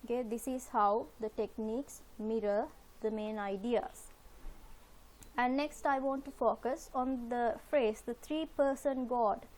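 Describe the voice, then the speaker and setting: High-voiced woman teaching a literature lesson. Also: fairly even intonation, measured pace, a little mellow. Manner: patient and methodical, repeats points, frequent "uh" fillers. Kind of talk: recorded lesson explaining slides.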